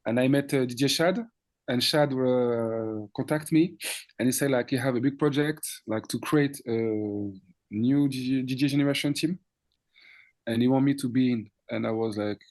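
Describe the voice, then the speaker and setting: Man, lively storytelling DJ. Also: mid-range voice, normal speed. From France. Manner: animated, laughing, acts out quoted dialogue. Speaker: DJ guest. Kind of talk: casual storytelling interview.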